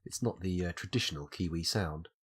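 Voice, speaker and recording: A man's voice: low-pitched, fairly quick, breathy edge. A British man with a cold, thinking aloud as he streams live gameplay commentary and muses over his options. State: has a cold, coughing.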